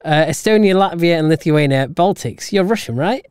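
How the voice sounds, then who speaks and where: A giggly podcast co-host who reads items aloud with quick laughing asides. The voice is smooth and clear at a middling pitch. It is recorded dry and close. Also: lively intonation, a little mellow, no room sound. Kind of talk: casual chat.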